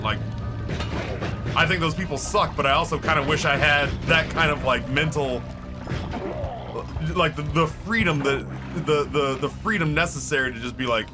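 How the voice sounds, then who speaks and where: A man's voice: on the high side, moderate pace, music in the background. A man chatting while he streams a game, rambling and swearing, with filler words throughout. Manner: rambling, profane, heavy use of filler words. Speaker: Twitch streamer. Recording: clear background noise.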